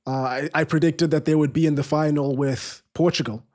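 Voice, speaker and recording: Brief: male streamer with a slightly high voice, casual football commentary, lots of restarts. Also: steady tone, fairly quick, a little mellow. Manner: chatty, restarts sentences, reads viewer comments aloud. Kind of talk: live stream commentary and chat.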